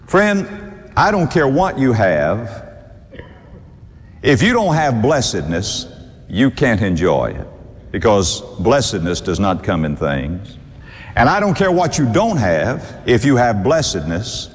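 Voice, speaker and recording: A man preaching a sermon, fervent and warm to his listeners, swinging from soft asides to loud, high exclamations and chuckling between points. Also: long reverb tail.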